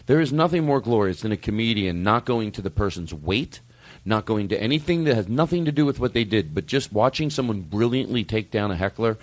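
A comedian hosting a podcast, telling stories in casual chat, profane and animated, acting out quotes. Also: male voice, lowish voice, a little fast, dry recording.

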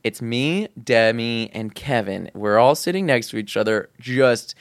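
A man's voice: medium pitch, animated, unhurried, no echo, studio quality. A man co-hosting a casual podcast chat, rambling with restarts and laughing often. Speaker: podcast co-host. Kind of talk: casual chat among friends.

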